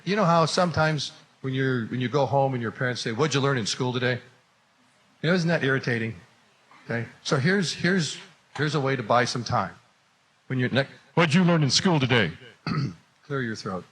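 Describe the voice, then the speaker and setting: A male teacher in joking classroom talk, his voice bright and his pitch bouncing up and down. He drops playful, wry asides between points. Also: a little hiss or hum.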